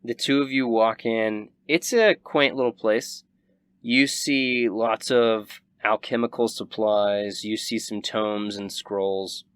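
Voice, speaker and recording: A young man in the role of game master, narrating a tabletop game in a vivid, relaxed way. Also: on the low side, slow pace, clear, resonant tone, no room sound.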